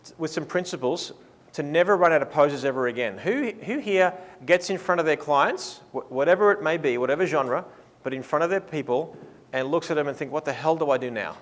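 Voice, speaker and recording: A man leading a live workshop, playful and lively, acting out what his listeners think. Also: on the high side, brisk, a little hiss or hum. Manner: lively, playful, acts out clients' thoughts. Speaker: workshop presenter. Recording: reverberant hall sound.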